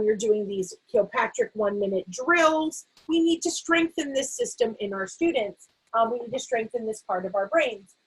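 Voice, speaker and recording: Educator, woman, middle-aged, American accent; breathy, a little high, explanatory lecture delivery with fillers. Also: low-quality recording. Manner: explanatory, with frequent fillers and restarts. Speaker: literacy educator. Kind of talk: explaining a teaching framework.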